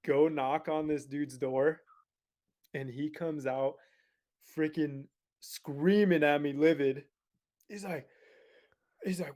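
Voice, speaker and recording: A man who is a podcast guest, telling a story in a casual, animated way and laughing as he goes. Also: fairly high pitch, measured pace.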